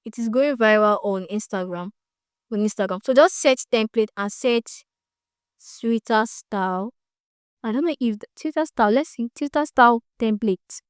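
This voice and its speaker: A woman gives a chatty, excitable step-by-step tutorial, repeating phrases as she goes, recorded on a phone on a tripod. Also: a little high, normal speed, clean tone, no echo, studio quality. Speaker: social media tutor.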